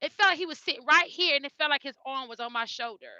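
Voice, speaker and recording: Mother telling a story, high and very bright, earnest, dry dull lo-fi audio. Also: fast talker, no echo. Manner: repeats phrases, earnest and heartfelt. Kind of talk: emotional personal storytelling. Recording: dull lo-fi recording.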